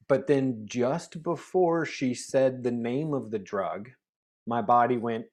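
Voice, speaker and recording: A man chats as a guest over a video call in a mid-pitched, everyday voice. He tells animated stories, acting out little bits of dialogue. He laughs easily as he goes. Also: slow. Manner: chatty, animated, laughs often, acts out dialogue. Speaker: guest facilitator. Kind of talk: casual storytelling interview.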